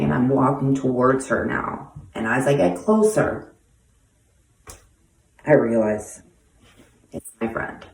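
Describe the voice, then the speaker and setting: A woman's voice: a bass voice, lively intonation, slow pace, creaky, long pauses, a little mellow. A woman in her forties telling stories from her own life in a casual monologue, speaking bluntly with heavy profanity and street slang. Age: 40s. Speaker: host answering viewer questions. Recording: echoey room, voice far from mic.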